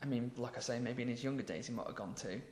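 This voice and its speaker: A man's voice: mid-range voice, quick pace, a little mellow, roomy sound. Rambling Englishman telling a story. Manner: rambling with many ums, laughs a lot. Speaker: podcast co-host. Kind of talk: improvised storytelling.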